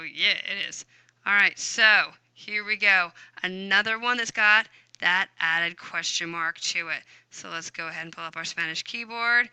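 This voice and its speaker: A woman's voice: lowish voice, pushed and bright, smooth, no echo. A woman teaching a recorded grammar lesson, upbeat and chatty, muttering to herself as she types on screen. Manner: upbeat, chatty, talks to herself while typing. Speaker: Spanish teacher.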